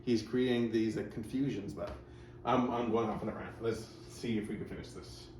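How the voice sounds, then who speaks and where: A man's voice: lowish voice, fairly even intonation, moderate pace, a little mellow. Rambling man reacting in an echoey room. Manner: rambling, sarcastic asides. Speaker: reaction video host. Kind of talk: casual commentary over clips. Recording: roomy, distant mic, faint noise.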